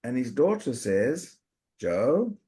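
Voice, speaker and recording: Male coaching host, unhurried, emphatic points. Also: mid-range voice, very animated, dark tone. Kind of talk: coaching conversation.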